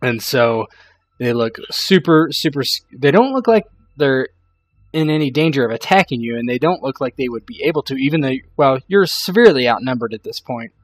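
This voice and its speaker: A man narrating a tabletop role-playing game as game master, in a relaxed, rambling way with many fillers. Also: medium pitch, fairly quick.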